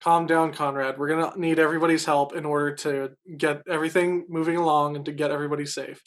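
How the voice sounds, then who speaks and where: A man's voice: fairly high pitch, little pitch movement, fast talker. A man playing a tabletop game, speaking firmly as a commanding ship captain. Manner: firm, commanding in character. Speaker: player.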